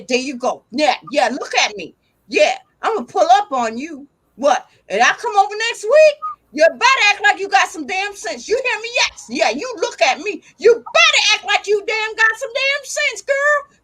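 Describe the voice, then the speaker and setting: High bright older woman teasing loudly. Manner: loud playful teasing, swearing, repeats a pet's name. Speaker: live stream host. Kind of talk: casual live stream chat.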